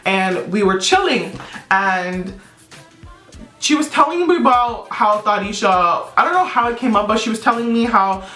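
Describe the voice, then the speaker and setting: A young woman vlogger telling a personal story to camera, casually, in an animated and blunt way with casual profanity. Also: mid-range voice, normal speed, distant mic. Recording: roomy echo with faint music.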